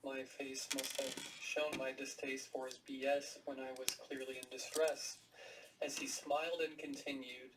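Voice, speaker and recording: A horror storyteller reading a first-person tale in a flat, unvarying tone. The voice sounds set back from the microphone, with a clear hiss of background noise running under it. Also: medium pitch, measured pace. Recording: distant mic with steady background noise.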